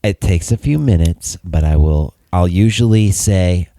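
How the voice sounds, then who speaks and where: A middle-aged man co-hosting a podcast in casual chat, easygoing and quick to agree. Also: sits low, dark tone, dry recording. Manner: easygoing, lots of agreeing yeahs. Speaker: podcast co-host.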